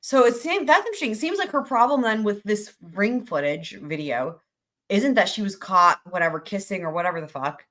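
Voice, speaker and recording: A woman hosting a livestream, reacting to trial testimony in animated, incredulous casual commentary and swearing freely. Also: medium pitch, a little fast. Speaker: livestream host.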